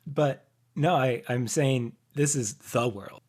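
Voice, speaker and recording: A man's voice: mid-range voice, takes it slowly, darkish tone. A man co-hosting a podcast while sick, chatting casually and self-deprecatingly with frequent laughs. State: sick with covid. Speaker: podcast co-host. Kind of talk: casual chat.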